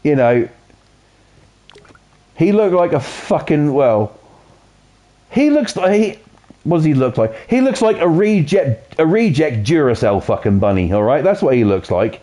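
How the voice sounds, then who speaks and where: A man's voice: on the high side, big pitch swings, moderate pace, warm tone. A man with a Norfolk accent streaming a game and telling a long, profane story in casual, rambling chat. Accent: Norfolk English.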